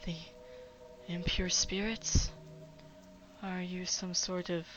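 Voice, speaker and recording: A woman's voice: lowish voice, little pitch movement, over music. A woman doing a hesitant, fussy mine clerk. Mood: flustered. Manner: hesitant, halting and polite. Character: nervous fussy clerk of the mines. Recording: dull lo-fi with faint noise.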